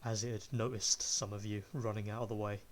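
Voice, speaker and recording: A man running a tabletop game as game master, describing the scene at an unhurried pace. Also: lowish voice, flat delivery, a little hiss or hum.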